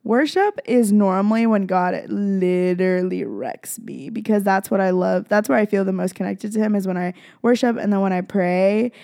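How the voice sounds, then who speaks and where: A woman's voice: medium pitch, moderate pace, creaky, few pauses, warm tone, no echo, clean studio sound. A young woman hosting a podcast, chatting in a gushing, rambling way full of "like" and "freaking". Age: young adult. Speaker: podcast host. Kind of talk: casual confessional chat.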